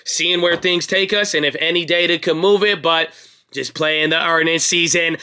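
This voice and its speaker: A young man hosting a stock trading channel, going over his watch list in a casual, energetic way and ending with a hyped-up motivational send-off. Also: a little high, moderate pace, smooth. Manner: talks with his hands.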